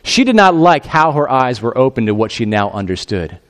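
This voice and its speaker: A male pastor preaching a sermon in a conversational, animated way, with fillers like "you know" and "I mean". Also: mid-range voice, moderate pace.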